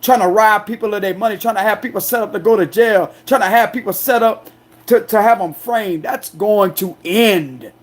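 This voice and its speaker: Forceful, defiant man ranting. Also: sits high, moderate pace. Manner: defiant, confrontational, repeats "you understand me"; loud, forceful, aggressive delivery. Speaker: astrology tarot reader. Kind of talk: angry ranting monologue.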